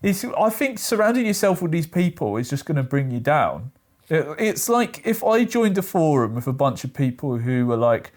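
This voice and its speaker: A man's voice: fairly high pitch, very animated, normal speed, darkish tone. Chatty man reacting to a clip. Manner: chatty, laughs often, filler "like". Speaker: reaction video host. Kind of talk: casual reaction commentary.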